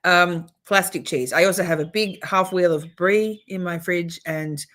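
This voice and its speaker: A woman's voice: on the low side, measured pace, a bit bright. A woman, hosting a casual livestream and chatting loosely as she reacts to trial footage. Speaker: livestream host. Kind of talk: casual live commentary.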